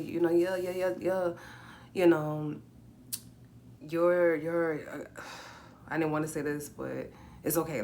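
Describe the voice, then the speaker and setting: A woman's voice: low-pitched, a little hiss or hum. A woman in her forties telling a personal story on a livestream, casually, with many repeated words and acted-out quotes. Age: 40s. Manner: repeats herself, acts out quoted speech. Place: home livestream.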